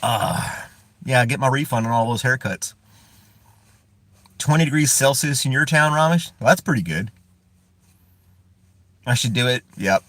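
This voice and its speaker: A man's voice: mid-range voice, lively intonation, a little slow, long pauses, fairly bright tone, no room sound. A man from the United States hosting a casual live stream from inside a parked car. He rambles, chuckles often and greets viewers by name.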